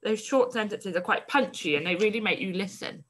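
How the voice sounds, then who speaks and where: A woman's voice: medium pitch, animated, fairly quick. A woman primary school teacher giving a recorded online lesson, reading a story aloud and encouragingly explaining its word choices.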